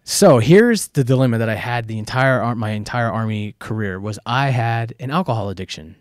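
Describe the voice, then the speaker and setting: An American man, a former soldier, telling stories from his past in a candid, animated interview, acting out the voices he quotes. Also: mid-range voice, a little fast, dry recording, clean studio sound. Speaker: guest. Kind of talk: casual storytelling interview.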